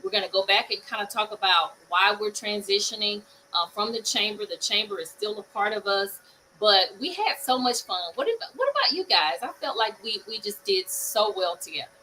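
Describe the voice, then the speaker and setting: Woman talk show host, bright voice, faint background hiss, upbeat, video call. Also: medium pitch, expressive, brisk, low-quality recording. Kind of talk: casual chat.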